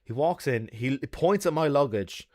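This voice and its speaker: A young man who makes videos, chatting on a livestream and telling stories in an animated way, laughing often and swearing. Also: mid-range voice, moderate pace, no echo, studio quality. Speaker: YouTuber. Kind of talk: casual livestream chat and storytelling.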